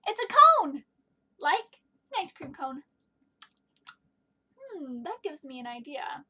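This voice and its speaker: A woman teaching a home video lesson to young children, playful and gentle, asking them questions as she works. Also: very high-pitched. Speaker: kindergarten teacher.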